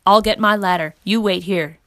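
Kindly storybook fireman, calm and earnest, dry close sound, in a woman reader's own voice. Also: mid-range voice, moderate pace, no echo, lightly acted. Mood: gentle. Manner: gentle, reassuring, earnest.

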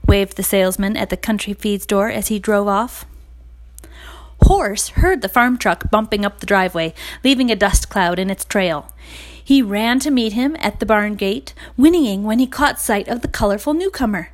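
A woman narrating a children's storybook aloud with expressive, lively storytelling. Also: mid-range voice, normal speed, poor audio.

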